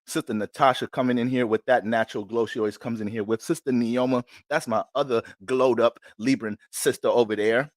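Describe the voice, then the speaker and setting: A man hosting an astrology livestream, talking in a loose, slangy, animated storytelling way. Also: mid-range voice, brisk, hardly any pauses, dry recording, studio quality. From Bronx, New York. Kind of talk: casual livestream chat.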